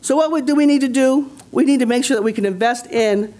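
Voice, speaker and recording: A woman's voice: high-pitched, fast talker, dark tone. A woman from Nova Scotia, a community leader speaking on a conference panel in a rousing, rhetorical way, repeating phrases for emphasis. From Nova Scotia, Canada. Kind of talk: impassioned panel talk.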